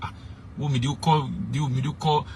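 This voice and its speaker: A man's voice: mid-range voice, little pitch movement, moderate pace, a little mellow, slight background noise. A young man, a street preacher giving blunt, emphatic advice and slipping into pidgin. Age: young adult.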